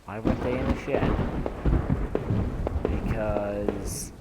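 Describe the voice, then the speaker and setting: A young gameplay commentator with a fairly low, steady voice takes it slowly while reading a horror game's text aloud. His nervous laughs and whispers come through heavy background noise of loud rain and thunderstorm sounds from the game, in a casual let's-play.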